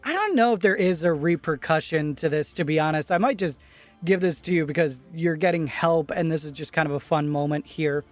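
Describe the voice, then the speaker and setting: A man narrating as game master of a tabletop role-play game, casual and halting, with lots of fillers and laughs. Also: fairly high pitch, soft background music.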